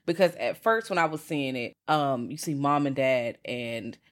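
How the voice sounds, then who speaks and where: A woman co-hosting a casual film review podcast, telling scenes in a lively, slangy, profane way and acting out characters' lines. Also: rumbling low, moderate pace. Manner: animated, acts out characters' lines in voices. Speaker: podcast co-host.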